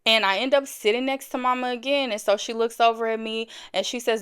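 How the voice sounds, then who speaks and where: A woman with a smooth, resonant voice shares a personal story. She talks casually and straight to her viewers, repeating phrases for emphasis. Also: a little high, fairly even intonation, brisk, hardly any pauses, fairly bright tone. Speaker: storyteller host.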